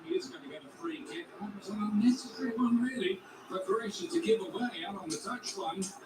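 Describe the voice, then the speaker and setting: Lively high-voiced male football commentator. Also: over music. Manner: measured, analytical play-by-play. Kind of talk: live match commentary. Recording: echoey TV broadcast with noise.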